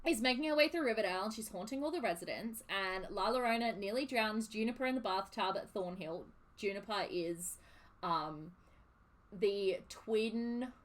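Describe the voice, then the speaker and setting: A young woman streaming a game, chatting casually and swearing in an animated, exasperated way as she recaps. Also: medium pitch. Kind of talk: casual chat while live streaming a game.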